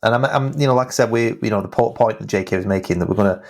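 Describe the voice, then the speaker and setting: A man's voice: on the low side, rapid-fire, gravelly. A man hosting a podcast in casual chat, talking with enthusiasm and often repeating words as he speaks. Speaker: podcast host.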